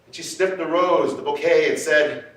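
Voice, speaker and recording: A man telling a story on stage in a dramatic, measured way that rises to shouts. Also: a little high, steady tone. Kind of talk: theatrical spoken-word storytelling. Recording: echoey stage from far off.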